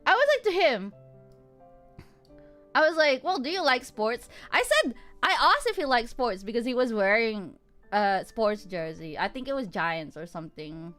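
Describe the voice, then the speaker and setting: High-pitched, lively woman streamer. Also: moderate pace, soft background music. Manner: animated, laughs often, swears freely. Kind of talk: casual storytelling chat.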